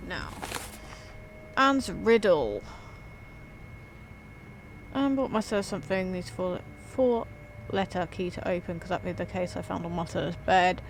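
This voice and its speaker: A woman's voice: fairly low pitch, animated, unhurried, pauses often, a little hiss or hum. Chatty young woman streaming a game. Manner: chatty, swears casually, thinks out loud. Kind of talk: casual let's-play commentary. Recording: voice over game music.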